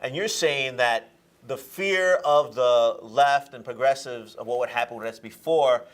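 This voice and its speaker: A man hosting a political talk show, arguing his points in an animated way and laughing between them. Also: mid-range voice, a little slow.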